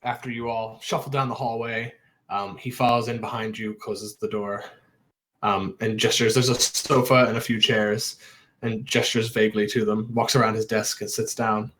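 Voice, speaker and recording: A man's voice: lowish voice, level tone, moderate pace, fairly bright tone, a little hiss or hum, low-quality recording. A man narrating as game master for a tabletop game in a loose, hesitant way full of fillers.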